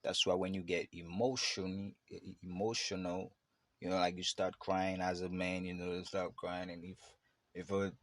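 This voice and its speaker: A man's voice: low-pitched, flat delivery, moderate pace, slight background noise. A man hosting a podcast, talking in a loose, rambling way with many fillers and restarts. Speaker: podcast host. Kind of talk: casual reflective monologue.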